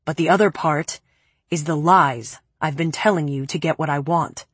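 A woman voicing a cold, cruel young man who speaks calmly and cuttingly in a low, flat tone. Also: normal speed, slightly rough, dry recording. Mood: cold, menacing.

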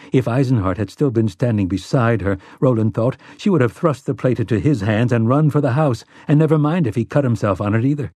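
A man narrating an audiobook in a measured, steady storytelling manner. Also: mid-range voice, no echo, studio quality. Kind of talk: scripted narration.

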